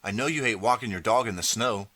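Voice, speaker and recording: A man's voice: lowish voice, fast talker, pushed and bright, no echo, pitched above the performer's own voice. A man voicing a desperate, eager boy who keeps pleading to be believed. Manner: pleading, earnest.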